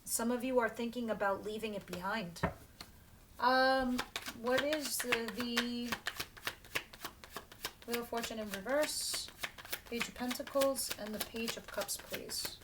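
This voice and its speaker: A woman's voice: a little high, a little slow, long pauses, heavy background noise. A woman doing a casual tarot reading for her channel, chatty and blunt, often restarting her phrases. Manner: chatty and blunt, with filler words and self-corrections. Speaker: tarot reader.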